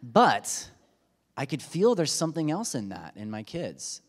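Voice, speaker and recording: This pastor, in his thirties, speaks at an unhurried pace in a slightly high voice whose pitch swoops wildly. Delivering a sermon in a church sanctuary, he stays conversational and self-deprecating, humorously performing the quotes he cites, while the hall's long reverb trails behind him.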